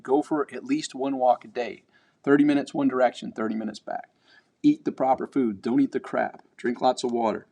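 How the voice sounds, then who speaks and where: A man's voice: mid-range voice, a little mellow. A man vlogging a motivational talk, blunt and emphatic, swearing casually and repeating words as he builds up.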